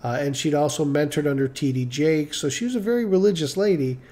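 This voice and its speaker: A middle-aged man hosts a live stream, telling a personal story in a loose, rambling way. His voice is warm and mellow, and he often repeats himself. He briefly mimics the people he quotes. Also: a little high, fast. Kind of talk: casual storytelling.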